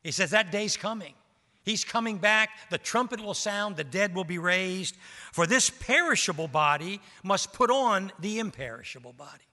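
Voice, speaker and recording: High, bright-voiced preacher man in a reverberant hall. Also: expressive, moderate pace. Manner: preaching with rising emphasis and rhetorical questions. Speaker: pastor. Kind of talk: sermon.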